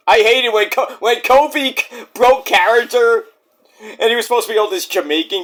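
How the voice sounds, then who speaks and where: A man's voice: high voice, fairly even intonation, normal speed, a bit bright. A man casually reviewing a wrestling show in a rambling, jokey, profane way.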